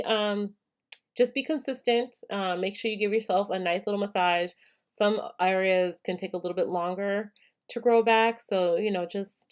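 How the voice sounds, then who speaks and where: A young adult woman from El Paso, Texas, hosting a hair care live stream, reading viewer comments and answering in a chatty way, with many ums. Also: medium pitch. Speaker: hair care channel host.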